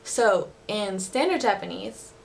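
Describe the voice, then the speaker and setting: A woman's voice: medium pitch, animated, a little slow, vocal fry. A young woman teaching words in a casual lesson, chatty, laughing often and using many fillers. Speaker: language teacher vlogger. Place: living in Osaka.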